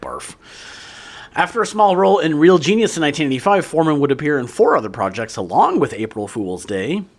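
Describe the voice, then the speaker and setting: A man's voice: fairly high pitch, big pitch swings, quick pace, hardly any pauses. A middle-aged man co-hosting a podcast in casual chat, reading film trivia with joking asides. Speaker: podcast co-host.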